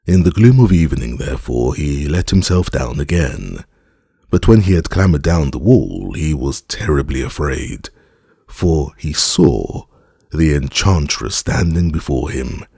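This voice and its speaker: A male audiobook narrator with a very low, gravelly voice and a husky grain. He tells the fairy tale slowly and deliberately, in a dry, close sound. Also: very animated, dark tone, dry recording. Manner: slow, measured storytelling.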